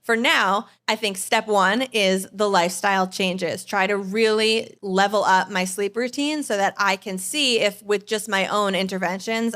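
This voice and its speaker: Animated woman telling a story live. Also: mid-range voice. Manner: animated storytelling, acts out quoted lines. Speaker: podcast host.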